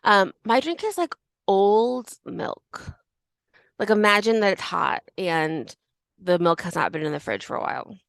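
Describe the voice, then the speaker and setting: A woman's voice: medium pitch, lively intonation, vocal fry. A woman co-hosting a podcast, chatting playfully and laughing with her co-host. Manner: quick, giggly, playful. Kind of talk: casual chat.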